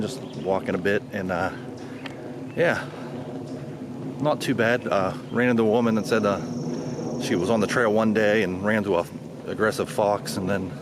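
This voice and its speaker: A man casually narrating a walking vlog outdoors, rambling loosely with plenty of fillers. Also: on the low side. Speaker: vlogger. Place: outdoors on a forest trail and road. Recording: outdoor noise behind the voice.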